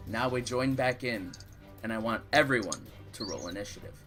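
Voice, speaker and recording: A man serves as dungeon master of a tabletop fantasy game, narrating the scene in an easy, unhurried way. His voice sits at an ordinary middle pitch, and he often stops to fill pauses with ums and uhs. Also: faint music behind. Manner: relaxed, with frequent ums and uhs.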